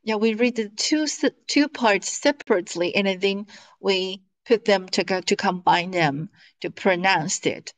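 A woman's voice: medium pitch, measured pace, poor audio. A woman teaching an online lesson in English, patient, stretching out syllables as she models them over a video call. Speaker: Mandarin teacher.

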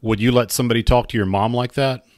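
A man narrating a commentary video in a measured, critical way. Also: mid-range voice, steady tone, darkish tone, slight background noise. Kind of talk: scripted narration.

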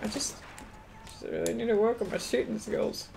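A young woman giving casual let's-play commentary as a gaming streamer, excitable and quick to exclaim and laugh. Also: on the high side, vocal fry, noisy background.

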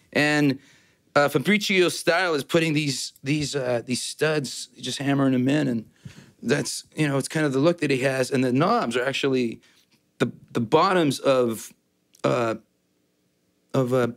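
A man's voice: mid-range voice, unhurried, pauses often, a bit bright. A man casually demoing a guitar, loose and joking, rambling with restarts and fillers. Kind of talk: casual gear demo chat.

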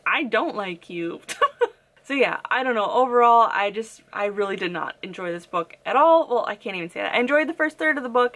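A young woman giving a casual, opinionated book review on her vlog, talking in an animated way with frequent "like" fillers. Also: medium pitch. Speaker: book vlogger.

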